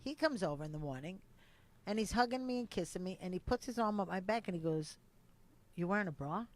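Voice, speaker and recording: A woman co-hosting a podcast, telling a personal story in a lively way, acting out the quotes and swearing freely. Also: medium pitch, fast. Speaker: podcast co-host. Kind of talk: casual chat, storytelling.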